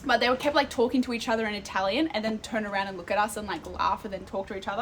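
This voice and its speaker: A young Australian woman streaming live, telling stories in a casual, animated way and swearing freely. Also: medium pitch, rapid-fire, few pauses, background noise.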